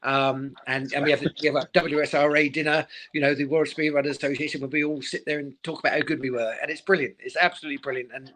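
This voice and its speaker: A man's voice: a little high, level tone, quick pace, few pauses, fairly bright tone. A middle-aged man and former speedway rider in a casual live interview, talking emotionally and repeating his words.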